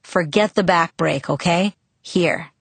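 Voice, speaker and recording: A woman's voice: fairly low pitch, slow pace, gravelly, breathy edge, no room sound, full character voice. A woman reading the lines of a teasing, easygoing teenage boy in an audiobook. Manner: teasing, casual.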